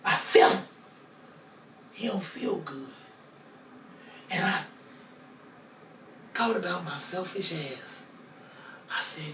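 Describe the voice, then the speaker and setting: A man on a podcast telling a personal story in a casual, profane way, going from loud to hushed. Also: high-pitched, expressive, takes it slowly, long pauses. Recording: echoey room, mic far off, faint noise.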